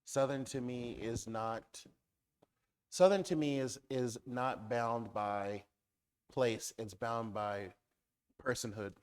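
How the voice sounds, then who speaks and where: A man speaking as a guest author in a public conversation, riffing through animated lists. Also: mid-range voice, takes it slowly, smooth.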